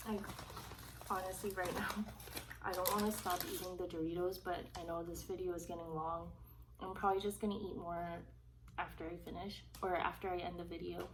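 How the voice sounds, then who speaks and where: Woman mukbang vlogger, low-pitched, soft and rambling, slightly off-mic. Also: little pitch movement. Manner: soft-spoken and rambling, pauses between bites. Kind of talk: casual chat while eating. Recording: slightly distant mic with faint hiss.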